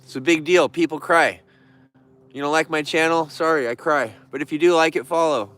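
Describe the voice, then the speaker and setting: A man's voice: a little high, normal speed, fairly bright tone. A man vlogging casually to the camera about his bears, in an emotional, rambling and earnest way, at times turning bitter and heated. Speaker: vlogger who keeps bears.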